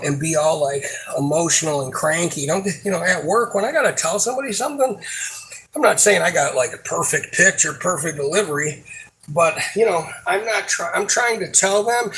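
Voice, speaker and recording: A man's voice: a little high, a bit bright, rough recording. Frustrated man venting, rambling. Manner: frustrated, rambling, swears a lot; halting, many fillers and restarts. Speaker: supermarket worker. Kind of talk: casual venting monologue.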